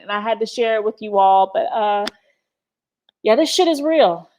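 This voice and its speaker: A woman's voice: mid-range voice, animated, normal speed, slight background noise. Passionate, teary woman livestreaming. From United States. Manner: passionate, profane, speaks in emphatic repetitions. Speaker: livestream host. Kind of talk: emotional livestream talk.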